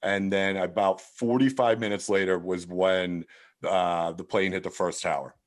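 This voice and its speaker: Male comedian guest, low voice, swears constantly, rambles through a story. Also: steady tone, unhurried. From Philadelphia area. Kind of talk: casual storytelling chat.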